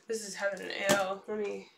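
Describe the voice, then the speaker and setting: A young woman streaming herself unpacking board games in casual chat, excitable and prone to trailing off mid-sentence. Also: medium pitch, creaky, recorded from a distance, very noisy.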